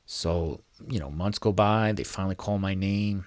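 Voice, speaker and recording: A man's voice: low voice, normal speed, darkish tone, no room sound. A man casually telling a story, profane and rambling, full of fillers and restarts, sometimes acting out his own past words. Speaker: storyteller recounting prison time. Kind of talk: casual first-person storytelling.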